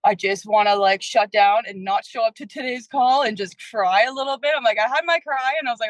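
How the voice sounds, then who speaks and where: A woman's voice: on the high side, brisk, hardly any pauses, no room sound, low-quality recording. Candid woman sharing her struggles. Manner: candid, emotional sharing with casual swearing. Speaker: coaching client. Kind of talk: group coaching call.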